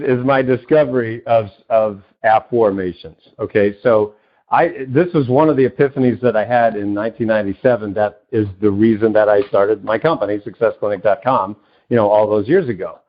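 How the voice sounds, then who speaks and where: A self-help author and coach, appearing as a podcast guest, speaks at normal speed in an animated interview. He's enthusiastic and acts out little dialogues with big pitch jumps, and the lo-fi audio sounds dull.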